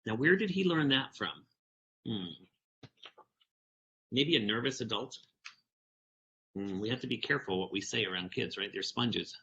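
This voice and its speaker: A man's voice: mid-range voice, animated, moderate pace, pauses often, sharp tone, highs cut off. A man giving a conference talk, animatedly reading a picture book aloud and telling stories to the audience. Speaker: keynote speaker.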